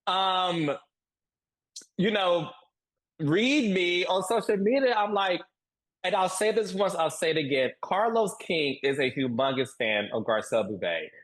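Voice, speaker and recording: A man talking as a guest on a podcast interview, emphatic and animated, repeating points for stress. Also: high voice, a little slow, poor audio. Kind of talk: casual interview chat.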